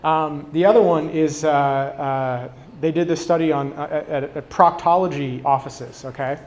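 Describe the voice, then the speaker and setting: A man giving a casual conference talk on product design, speaking off the cuff with many fillers and restarts, and acting out quoted customers in lively voices. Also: on the high side, measured pace. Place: conference stage.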